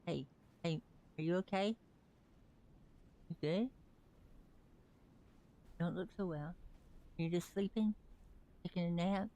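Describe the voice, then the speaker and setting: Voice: medium pitch, slow pace, pauses often, mellow. A livestreamer in casual gameplay chat, rambling, talking to characters in the game and answering viewers.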